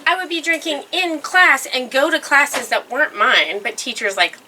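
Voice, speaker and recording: A young woman artist telling stories about her life in a rambling, animated way, full of fillers, on a casual podcast. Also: high-pitched, moderate pace. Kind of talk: casual storytelling interview. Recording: distant mic in a noisy room.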